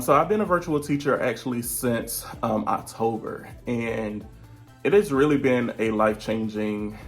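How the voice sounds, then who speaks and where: A man's voice: fairly low pitch, gravelly. A man in his thirties talking casually to his viewers from home, chatty, drifting off topic and laughing often mid-sentence. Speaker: vlogger and virtual teacher. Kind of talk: casual vlog update. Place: at home, seated.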